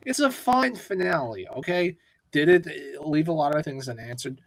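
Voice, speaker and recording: Profane ranting man, slightly high voice. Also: expressive, moderate pace, creaky, dry recording. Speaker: podcast co-host. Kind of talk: casual chat.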